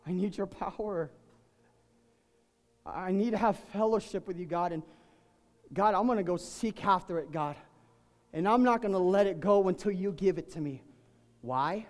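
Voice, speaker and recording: A man preaching a sermon, swinging from quiet, intimate talk to shouted, fervent peaks. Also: fairly high pitch, lively intonation, measured pace, pauses often. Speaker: pastor. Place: church sanctuary. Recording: long hall reverb, faint music.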